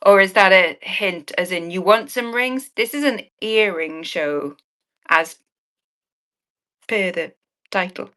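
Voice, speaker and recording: A woman's voice: medium pitch, slow pace, pauses often, fairly bright tone. A woman selling earrings on a live stream, chatting cheekily with viewers and swearing with a laugh. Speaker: online auction seller.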